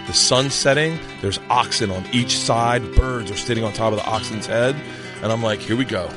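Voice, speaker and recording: A man hosting a podcast, telling a story in casual chat, cursing freely and shouting the lines he quotes. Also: mid-range voice, normal speed, music in the background. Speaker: podcast host.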